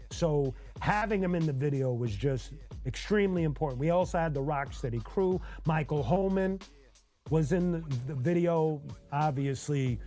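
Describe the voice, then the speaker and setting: A man hosting a casual live stream, chatting loosely and telling stories, breaking into sung snippets and laughter. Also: on the high side. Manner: animated storyteller who sings snippets and laughs often. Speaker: host.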